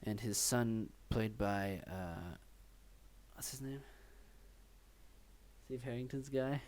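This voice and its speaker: A man's voice: mid-range voice, slow pace, a little mellow. A man co-hosting a film podcast, talking in a loose, rambling way with many fillers. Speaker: podcast co-host. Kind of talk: casual chat.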